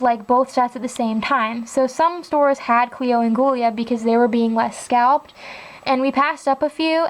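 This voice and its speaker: A woman's voice: high voice, rough recording. A young woman chatting casually and enthusiastically as she shows her doll collection on camera. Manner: chatty and enthusiastic, with frequent "like" and "really, really". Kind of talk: casual show-and-tell narration.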